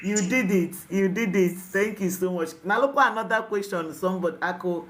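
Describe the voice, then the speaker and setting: A man's voice: high voice, a little fast, a bit bright. Nigerian man moderating a live room. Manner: pleading, hands out turns, thanks speakers.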